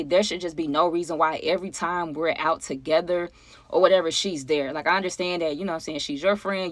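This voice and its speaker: A woman chatting casually to her viewers as she tells a personal story, animated and conversational, often asking them for their opinions. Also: fairly low pitch, no room sound. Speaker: storytime vlogger.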